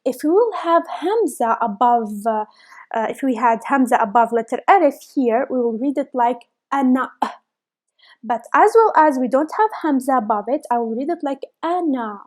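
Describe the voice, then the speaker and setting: A young woman teaching a beginner lesson, spelling sounds out letter by letter and repeating each word slowly. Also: sits high, lively intonation, a little mellow. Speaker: language teacher. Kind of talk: slow, careful lesson.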